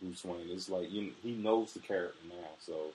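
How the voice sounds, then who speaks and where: A fairly low male voice chimes in bluntly, cursing casually as he gives his opinions on the film. His delivery is loose and unfiltered. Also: normal speed, a little mellow, a little hiss or hum, low-quality recording. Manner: blunt, swears freely. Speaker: podcast co-host. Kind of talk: casual movie discussion.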